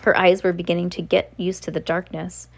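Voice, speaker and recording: A woman reads a novel aloud in a relaxed, unpolished way, stumbling and correcting herself now and then. Her voice is low and gravelly with a flat, level delivery. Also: brisk. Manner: relaxed, with slips and self-corrections. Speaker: reader.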